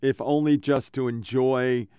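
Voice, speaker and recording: Profane rambling man, smooth voice. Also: mid-range voice, fairly even intonation, a little slow, mellow, no room sound. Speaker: podcast host. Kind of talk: casual rambling monologue. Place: home computer setup. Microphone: own microphone.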